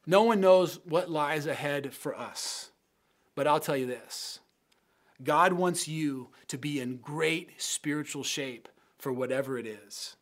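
A man's voice: a little high, a bit bright. A man preaching a sermon as pastor in an earnest, emphatic way, building phrases through repetition and then leading a prayer.

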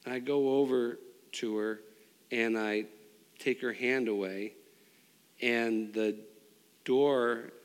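Man, middle-aged, pastor, sermon storytelling, loud-to-hushed swings, long hall reverb. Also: fairly low pitch.

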